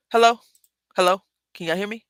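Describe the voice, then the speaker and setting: Woman host, bright forward voice, chatty and rambling, casual craft livestream. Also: on the low side, no room sound. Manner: chatty, rambling, self-correcting, addresses viewers as y'all.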